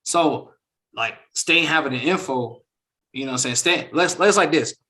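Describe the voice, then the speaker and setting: Animated man ranting casually. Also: on the high side, normal speed. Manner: animated, emphatic, acts out quotes. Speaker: host. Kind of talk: casual reaction discussion.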